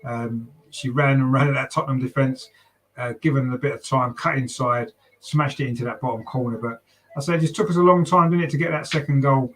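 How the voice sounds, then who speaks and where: A man's voice: medium pitch, brisk, fairly bright tone, low-quality recording. A man from London with a southern English accent hosts a live fan watchalong, commentating on a match and reading out chat comments in a chatty way, with lots of ums and tag questions. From London, England.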